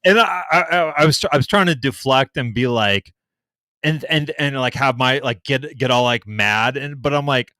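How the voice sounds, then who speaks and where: A young adult man co-hosting a podcast tells a story in casual chat, his medium-pitched voice moving at a moderate pace on a dry recording. He's animated and swears freely, acting out what other people said in a raised voice.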